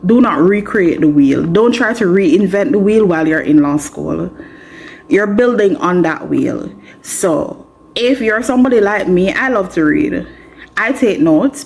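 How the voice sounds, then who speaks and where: A woman with a Jamaican accent, a law student vlogger telling candid stories to the camera in a chatty, expressive, frank and self-mocking way. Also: on the low side, vocal fry, a little hiss or hum.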